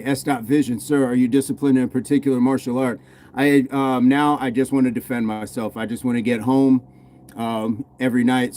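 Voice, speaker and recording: Mellow-voiced man chatting with viewers. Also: medium pitch, slight background noise. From United States. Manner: laid-back, answers chat questions while working out. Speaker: fitness livestream host. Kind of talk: casual livestream chat reading comments between sets.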